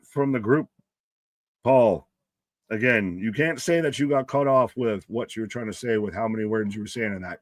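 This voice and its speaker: A man's voice: mid-range voice, dry recording. Profane, laughing man on a dry mic. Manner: loose, profane, laughing, talks to chat by name. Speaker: live stream host and wrestling commentator. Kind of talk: casual live-stream commentary reading chat.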